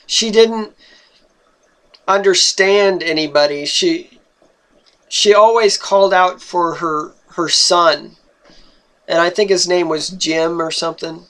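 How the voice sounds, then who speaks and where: Young man, high-pitched voice, slow delivery, personal storytelling, earnest, halting, repeats words. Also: steady tone, fairly bright tone.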